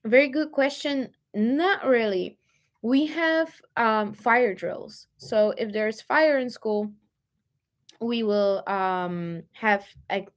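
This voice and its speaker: A young woman from Poland speaking English with a light Polish accent, chatting casually with viewers and answering their comments, with many fillers. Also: mid-range voice. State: dry throat, coughing. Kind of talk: casual chat.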